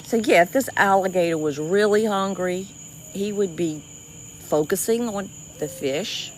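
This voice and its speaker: Speaking a little slowly in a mid-range voice, a Cajun-accented woman from South Louisiana livestreams from beside a swamp river at night, with slight background noise. She chats casually with her viewers, laughing easily, restarting often, and saying "y'all" a lot.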